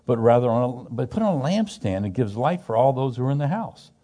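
Expressive and mellow in the mid range, a middle-aged man talks fast as he leads a Bible study. His conversational teaching is emphatic and full of questions for the group, with frequent restarts and repetitions.

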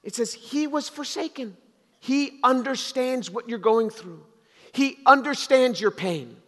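Speaking in an unhurried, very high-pitched voice with a slightly bright tone, a US pastor of Jewish background delivers a sermon. He talks conversationally before rising to emphatic exhortation, and a hall's long reverb trails his words.

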